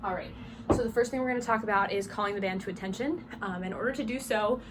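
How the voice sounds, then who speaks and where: A young Southern woman explains things in a loose, chatty way, dropping in "um" as she goes and calling out short commands to demonstrate. She sits at an ordinary middle pitch. The small dorm room carries steady background noise under her voice. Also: quick pace. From South Georgia, US. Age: young adult. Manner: chatty, with frequent "um" fillers and spoken demonstrations of commands. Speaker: drum major instructor. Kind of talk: casual instructional talk.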